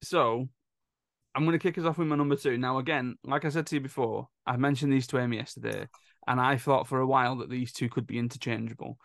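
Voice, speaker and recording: A man's voice: mid-range voice, fairly even intonation, quick pace, gravelly, dry recording, studio quality. A man hosting a podcast, telling stories in casual chat with hesitant restarts. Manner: storytelling, hesitant with fillers. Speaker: podcast host.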